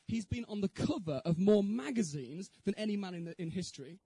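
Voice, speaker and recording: A man's voice: high voice, expressive, a little fast, warm tone, breathy edge, dry recording, rough recording. A man giving an evangelistic talk with his personal testimony, earnest and posing questions to the audience. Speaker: speaker giving a Christian talk.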